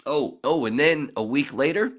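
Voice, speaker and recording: A man as a podcast guest, telling animated, profane anecdotes in a casual, laughing way. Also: on the high side, normal speed. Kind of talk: casual storytelling.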